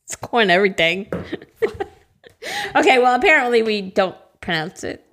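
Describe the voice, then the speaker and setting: A young woman co-hosting a casual podcast, giggly and quick with expressive reactions. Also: medium pitch, slight background noise. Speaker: podcast co-host. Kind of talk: casual chat.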